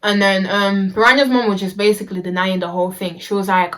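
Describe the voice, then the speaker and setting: A woman's voice: mid-range voice, fairly even intonation, fast, few pauses, a bit bright. Chatty young woman. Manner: chatty, slangy, with many fillers and restarts. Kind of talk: casual storytime vlog.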